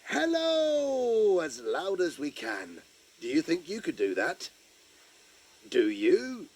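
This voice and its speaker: In a heavily acted performance, a man with a slightly rough, mid-range voice plays a cheerful village postman telling a children's audio story. He stays chirpy and chatty, talking straight to the young audience.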